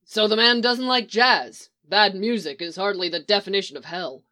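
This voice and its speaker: A woman's voice: medium pitch, moderate pace, pushed and bright, close to an everyday voice. A woman reading the part of a skeptical man who talks dismissively. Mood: scoffing.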